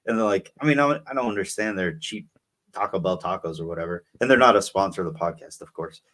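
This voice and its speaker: Speaking quickly in a low, slightly bright voice, this young podcast co-host rambles through a lengthy tale. His casual chatter is thick with filler words.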